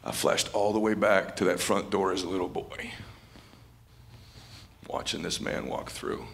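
A man's voice: low voice, steady tone, unhurried, vocal fry, fairly bright tone, a little hiss or hum. A man giving a live motivational speech at an event, fervent and repeating phrases for emphasis. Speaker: motivational speaker.

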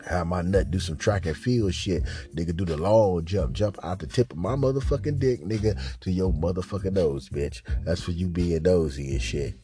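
A man hosting a podcast, telling a crude comic story in a loud, profane, repetitive way. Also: deep voice, moderate pace, hardly any pauses, faint music behind. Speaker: podcast host.

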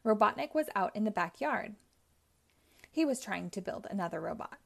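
A woman reading a chapter book aloud for children in a clear, steady storytelling manner. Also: medium pitch, moderate pace. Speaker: storybook reader. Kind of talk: children's read-aloud narration.

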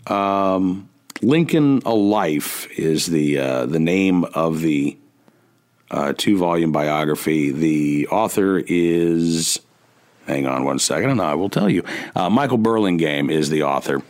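Very deep-voiced male radio host. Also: lively intonation, darkish tone. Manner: halting, many "uh" fillers, wry and indignant. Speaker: radio talk show host. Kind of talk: casual radio monologue. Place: radio studio.

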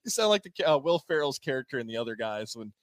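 A man co-hosting a sports talk show, chatting quickly and teasing his partner. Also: mid-range voice, very animated, dry recording, clean studio sound. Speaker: radio show co-host. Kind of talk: casual sports talk banter.

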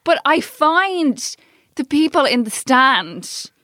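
High, bright woman chatting. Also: sing-song, no echo. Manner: chatty, rambling, quick to laugh. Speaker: podcast co-host. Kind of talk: casual chat.

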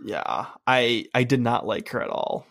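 Casting: eager male podcast co-host, gravelly fry, dry close sound. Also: mid-range voice, big pitch swings, measured pace, fairly bright tone, no echo. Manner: enthusiastic, gushing fan talk. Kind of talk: casual chat.

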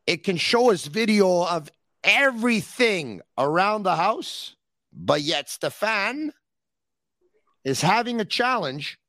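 A man hosting a call-in podcast, teasing his caller in a playful way with drawn-out emphasis. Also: high-pitched, a bit bright, no echo, studio quality. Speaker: podcast host. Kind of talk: casual call-in chat.

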